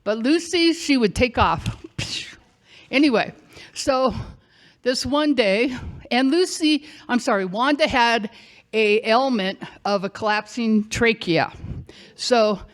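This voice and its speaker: A woman in her sixties telling a personal story live on a theater stage, in a conversational, folksy way with pauses and self-corrections. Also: fairly high pitch.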